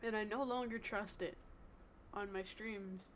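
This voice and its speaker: A woman's voice: medium pitch, steady tone, measured pace, a little hiss or hum. A woman streamer chatting casually on a live stream, who swears freely, laughs often and stammers when nervous.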